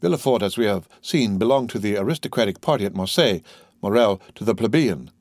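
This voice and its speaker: A man's voice: on the low side, no echo. Man narrating a classic audiobook, dry. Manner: steady, measured reading.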